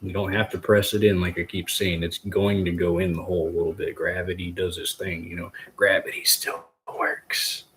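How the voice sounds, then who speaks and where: A man's voice: low voice, flat delivery, a little fast, few pauses, a little hiss or hum. A man hosting a casual livestream tutorial, rambling in a goofy way and chatting with his viewers as he works. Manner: goofy and rambling, talks to chat. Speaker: host demonstrating a DIY agar method.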